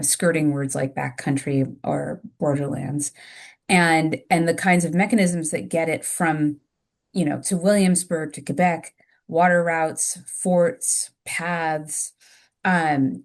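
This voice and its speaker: Female interviewer, very low gravelly voice, long rambling questions. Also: darkish tone. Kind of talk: live interview.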